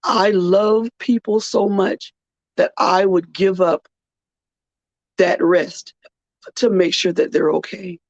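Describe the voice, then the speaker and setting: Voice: mid-range voice, fairly even intonation, takes it slowly, pauses often, no room sound. A podcast host, tired and earnest, speaking in a personal heartfelt monologue and repeating phrases for weight. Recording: dull, muffled dry recording.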